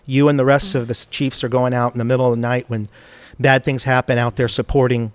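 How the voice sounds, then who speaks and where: A man hosting an interview, quick and upbeat, giving short affirming replies. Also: mid-range voice, little pitch movement, dry recording. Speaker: interview host. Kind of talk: casual interview.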